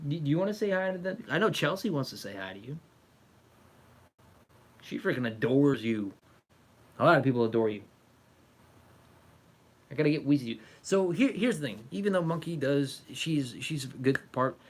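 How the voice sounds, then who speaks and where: A man's voice: mid-range voice, animated, normal speed, pauses often. A young man hosting a casual livestream, coaxing and fussing over his cat in an affectionate voice. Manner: coaxing, affectionate pet talk. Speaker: livestream host.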